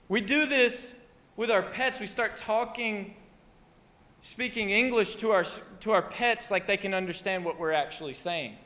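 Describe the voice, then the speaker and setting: Male pastor, high voice, chatty story-driven sermon with long hall reverb. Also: unhurried. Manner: rambling, animated, self-interrupting. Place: church hall.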